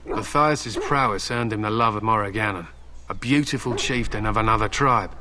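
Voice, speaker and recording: A man's voice: on the low side, moderate pace, background noise, close to an everyday voice. An actor voicing a stern, proud male warrior and hound handler in video game dialogue, telling old tales solemnly and threatening bluntly.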